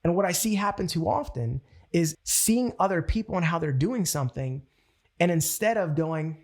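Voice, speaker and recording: A man's voice: fairly high pitch, normal speed. A man training people in network marketing with a motivational talk, telling stories animatedly and acting out quotes. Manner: animated storytelling, acts out quotes.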